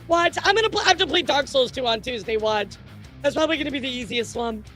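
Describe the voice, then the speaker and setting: A woman hosts a casual live stream with a high, bright-pitched voice that keeps jumping up in excitement. She laughs often, swears freely and chats straight to her viewers, with faint music playing behind her. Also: quick pace. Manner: giggly, animated, swears casually. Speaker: VTuber news streamer.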